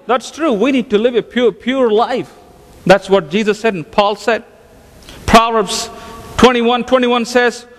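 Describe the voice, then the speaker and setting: A man's voice: extremely high pitch, long reverb tail. A man preaching a sermon as pastor, emphatic, often restarting and repeating his phrases. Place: church sanctuary.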